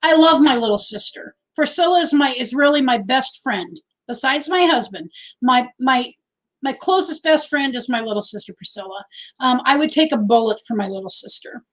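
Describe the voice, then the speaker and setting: High-voiced woman chatting on a livestream. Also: expressive, moderate pace, a bit bright, low-quality recording. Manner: heartfelt, rambling, repeats herself. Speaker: livestream host. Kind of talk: casual livestream chat with viewers.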